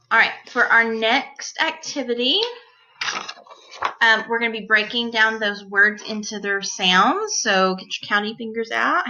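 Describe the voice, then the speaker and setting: Woman teacher for a children's phonics lesson: unhurried, crisp and bright, careful sound-by-sound delivery, slightly dull lo-fi recording. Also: mid-range voice. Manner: slow, clear, deliberate sounding-out of phonemes.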